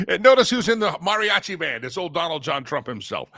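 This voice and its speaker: A middle-aged American man runs his own political commentary show, rambling and mocking with chuckling asides. His voice is bright and a little high. The sound is dry and close, with no room echo. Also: big pitch swings, normal speed, soft background music. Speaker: host.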